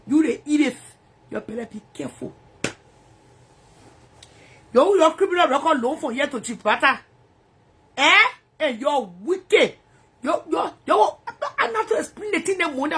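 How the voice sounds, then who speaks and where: A woman's voice: high voice, lively intonation, moderate pace, pauses often, fairly bright tone. A woman ranting angrily in profane, repetitive bursts from her bedroom. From Liberia. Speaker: social media personality.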